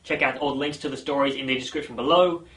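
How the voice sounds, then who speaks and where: A man's voice: mid-range voice, steady tone, fast, a bit bright. A man hosting a casual gaming news vlog, chatty and full of self-mocking asides.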